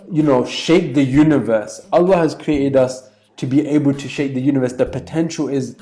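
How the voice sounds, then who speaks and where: Man, motivational talk, emphatic, repetitive, mellow dark voice. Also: medium pitch. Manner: emphatic, repetitive, many fillers. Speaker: motivational business coach.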